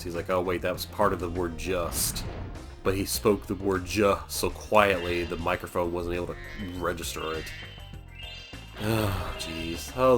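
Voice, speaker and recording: A man casually commenting over his gameplay as a let's play host, chatty, rambling and self-deprecating. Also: low-pitched.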